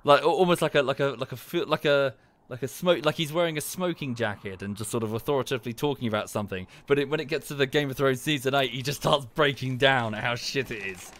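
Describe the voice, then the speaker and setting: A man streaming a game, rambling in a casual chat that turns into heated ranting with sudden high outbursts. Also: fast, hardly any pauses, fairly bright tone. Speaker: gaming streamer.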